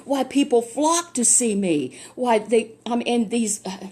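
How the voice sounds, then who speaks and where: A woman's voice: fairly high pitch, unhurried, darkish tone, husky. A woman voicing a proud, offended male army general who talks in an indignant, boastful way, in a storybook telling.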